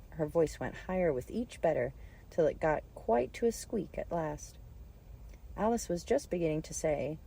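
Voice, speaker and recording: Low, husky woman reading a storybook. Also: moderate pace, mellow. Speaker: storybook reader. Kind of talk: reading a children's book aloud.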